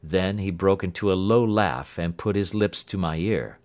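A man narrating a classic detective story as an audiobook, steady and expressive. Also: deep voice, moderate pace.

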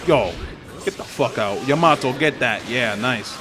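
A man's voice: medium pitch, expressive, unhurried, fairly bright tone, soft background music. A young man with a Spanish accent giving loose, profane, trash-talking commentary while he plays a fighting game online. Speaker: gaming channel host. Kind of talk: live gameplay commentary.

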